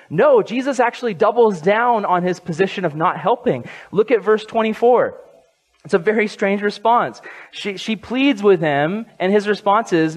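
A young man preaching to a group in a chatty, conversational way. He often restarts his sentences and acts out the voices of people he quotes. His voice sits a little on the higher side for a man. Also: animated, moderate pace. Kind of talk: sermon.

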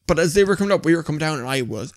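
A young man telling stories on a podcast, animated, laughing often and swearing casually. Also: fairly high pitch, rapid-fire, no echo, studio quality. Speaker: podcast co-host. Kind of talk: casual chat.

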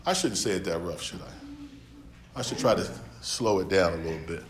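A man's voice: low voice, lively intonation, normal speed, reverberant, slight background noise. A man from the United States preaching a sermon in plain, slangy African American English, joking and laughing often as he reads and explains scripture.

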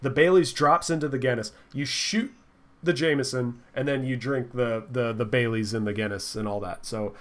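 A man's voice: mid-range voice, fairly even intonation, a bit bright. A young man co-hosting a podcast in casual chat, joking and laughing often. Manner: joking, laughs often, quick bursts of mock voices. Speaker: podcast co-host.

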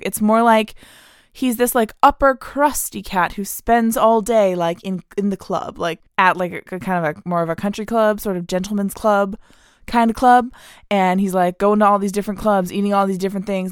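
Animated ranting woman podcast host, smooth voice. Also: mid-range voice, no echo, studio quality. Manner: animated, indignant, laughs often, lots of "like". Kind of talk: podcast rant.

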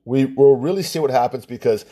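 A man's voice: medium pitch, brisk, mellow. A man giving a casual, rambling opinion monologue, scoffing and sarcastic, often restarting his sentences. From Hawaii. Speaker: commentator.

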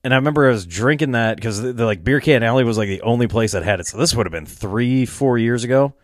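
A man's voice: medium pitch, quick pace, no room sound. Laid-back cursing man, dry sound. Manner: swearing, laughing storyteller. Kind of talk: casual chat.

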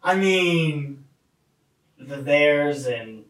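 A man's voice: a little high, expressive, very slow, a bit bright, recorded from a distance. A man hosting a podcast, chatting in a laid-back way with brief interjections. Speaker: podcast host. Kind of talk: casual podcast chat. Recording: echoey room, off mic.

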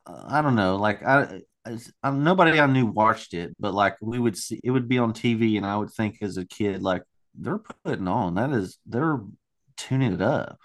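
A man's voice: lowish voice, animated, moderate pace. A man co-hosting a casual true-crime podcast, joking and rambling, swearing casually. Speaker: podcast co-host.

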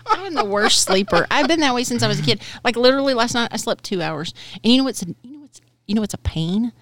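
A woman's voice: a little high, lively intonation, brisk, a crowd in the background. A middle-aged woman from Texas chatting as a podcast guest, telling self-deprecating stories with a laugh. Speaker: utility company CEO, podcast guest. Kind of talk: casual chat.

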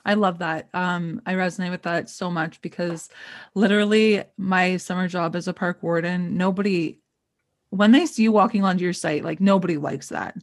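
A woman's voice: on the low side, normal speed, no room sound. Chatty woman with a dry, close sound. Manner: animated storytelling, acts out quotes. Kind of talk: casual chat.

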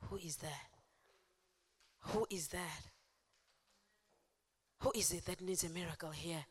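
A woman preacher voicing a gentle man who speaks in a hushed, soft voice as he asks questions into a crowd. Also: medium pitch, lively intonation, moderate pace. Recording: echoey church hall.

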